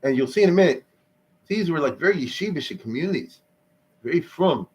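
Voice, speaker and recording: A man's voice: on the high side, expressive, brisk, husky, low-quality recording. An older man, a rabbi, teaching Jewish history in a conversational, emphatic lecture style, dropping in Hebrew and Yiddish terms.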